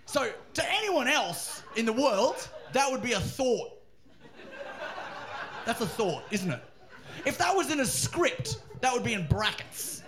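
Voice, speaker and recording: A man, a comedian, telling a funny story in a loud, laughing, swearing riff. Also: very high voice, unhurried. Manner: animated, laughing, swearing, riffing. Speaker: comedian podcast guest. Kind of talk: comic storytelling.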